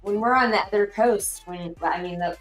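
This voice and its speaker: A woman, a podcast panelist, chatting in quick bursts about a game. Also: mid-range voice, soft background music. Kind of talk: casual podcast banter. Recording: roomy echo.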